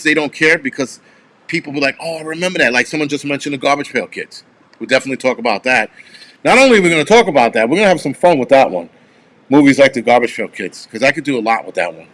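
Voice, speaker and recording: A man hosting a casual live stream, chatting about movies in a rambling, profane way and getting animated when he tells a story. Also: medium pitch. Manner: rambling, with restarts. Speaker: host.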